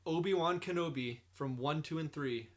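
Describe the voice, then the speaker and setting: A man's voice: a little high, moderate pace. A young man in casual podcast chat, rambling and profane, with lots of fillers. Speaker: podcast co-host.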